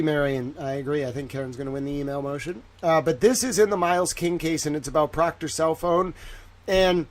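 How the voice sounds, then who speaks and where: A man with a Southern US accent hosting a casual livestream, chatting sarcastically and greeting viewers by name. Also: a little high. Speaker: livestream host.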